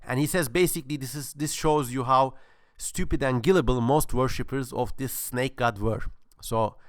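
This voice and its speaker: A man's voice: medium pitch, moderate pace, no room sound, clean studio sound. A man presenting a casual history talk, rambling with many fillers and crude humor, with a sore throat.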